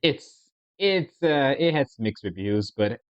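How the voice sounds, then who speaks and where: A man's voice: mid-range voice, expressive, takes it slowly, smooth, dry recording. A man casually commenting on videos, rambling and hesitant with many restarts. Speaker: reaction video host. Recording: dry, dull lo-fi sound.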